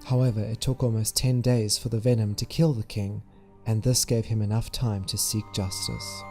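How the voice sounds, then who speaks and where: A man reading measured, informative documentary narration. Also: lowish voice, steady tone, darkish tone. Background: music.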